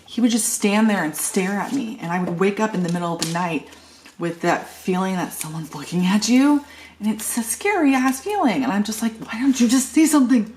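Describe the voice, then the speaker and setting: A woman's voice: medium pitch, expressive, normal speed, slight background noise. A middle-aged woman vlogging in a casual, rambling way, telling a family story with lots of filler words. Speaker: planner vlogger. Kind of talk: casual chat.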